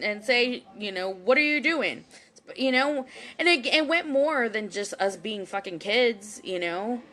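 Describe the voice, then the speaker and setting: A woman's voice: fairly high pitch, a bit bright. A young woman from Houston giving a casual live-stream monologue, heated and profane, rambling with many fillers and restarts. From Houston, Texas. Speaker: psychic reader and commentator. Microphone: webcam or phone microphone.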